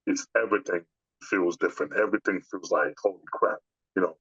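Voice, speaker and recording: A man's voice: low voice, a little fast, slightly rough, dry recording, dull audio. A man being interviewed as a guest, speaking casually and telling stories with many restarts. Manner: animated storytelling, many restarts. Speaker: bodybuilder guest.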